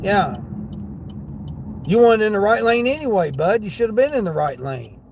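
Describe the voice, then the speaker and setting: High-voiced man grumbling in his car. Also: big pitch swings, moderate pace, background noise. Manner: grumbling, swearing rants at other drivers and customers. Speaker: delivery driver and livestream host. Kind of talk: casual livestream chat while driving. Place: inside a car on the road.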